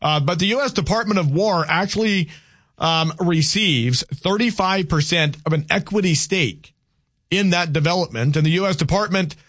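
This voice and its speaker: A man's voice: high voice, moderate pace, fairly bright tone, dry recording, studio quality. A Southern American man hosting a call-in radio talk show, talking with many restarts and repeated words, and arguing firmly with callers.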